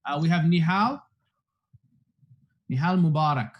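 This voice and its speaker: A man's voice: a little high, unhurried, muffled recording. Playful man hosting over video call. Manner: joking, playful, sprinkles Arabic phrases. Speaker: host. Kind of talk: casual online event hosting.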